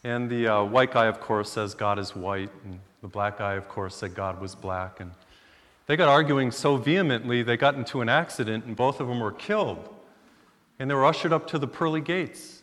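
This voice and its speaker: A priest in a church hall, chatty and fond of jokes, easing into stories with fillers. His voice carries a long hall reverb, and his pitch sits in the middle. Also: moderate pace, a bit bright. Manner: casual, chatty, joke-telling with fillers. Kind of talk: joking retreat sermon.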